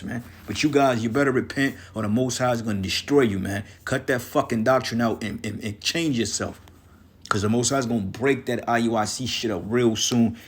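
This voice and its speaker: Husky-voiced man preaching an angry rant. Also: medium pitch. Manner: profane, scolding, repeats "man" at line ends. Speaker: street preacher.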